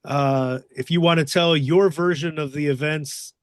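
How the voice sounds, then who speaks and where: A man's voice: a little high, fairly even intonation, measured pace, no room sound. A man hosting a podcast in casual chat, with short remarks and blunt corrections. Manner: brief, dry interjections and blunt corrections. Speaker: podcast host.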